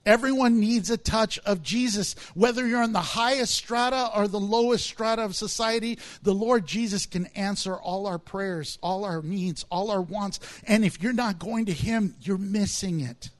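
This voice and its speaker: High-voiced man preaching a lively sermon. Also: normal speed, few pauses. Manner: animated, acts out voices of people in the story. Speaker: pastor.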